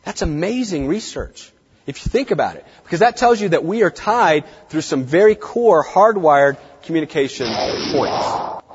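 A man working as a veterinary practice consultant, giving an emphatic seminar lecture and dropping his voice low for effect. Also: animated, normal speed, slightly rough. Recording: dull lo-fi recording in reverberant hall.

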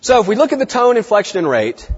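A middle-aged man giving a lively lecture to veterinary students, swinging his tone and pace for drama. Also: high voice, fast talker, husky. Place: large lecture hall. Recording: dull, echoey lecture hall recording.

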